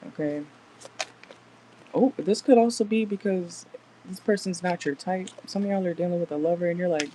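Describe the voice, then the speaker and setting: A woman's voice: on the low side, moderate pace, long pauses, dark tone, slight background noise, poor audio. A woman doing a casual tarot reading in a car, chatty and blunt, swearing freely as she talks to viewers. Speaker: tarot reader.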